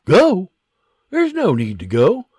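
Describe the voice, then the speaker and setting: A man's voice: high-pitched, huge pitch swings, takes it slowly, darkish tone, husky, no echo, studio quality, voice pushed up, exaggerated voice. A man voicing a kindly colonial settler who speaks formally and politely. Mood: earnest.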